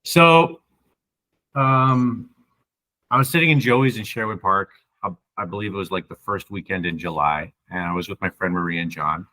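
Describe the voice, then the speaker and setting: A young man from Canada tells his story in a loose, emphatic ramble, stopping again and again to check in with "right?". His voice sits fairly low but sounds bright and forceful. The talk is a casual podcast interview. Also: normal speed, rough recording. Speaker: podcast guest sharing his sobriety story.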